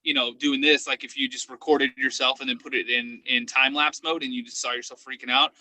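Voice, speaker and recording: A man guesting on a podcast as a paranormal investigator, telling stories in a casual chat and acting out quotes in an excited high voice. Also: fairly quick, no room sound, rough recording.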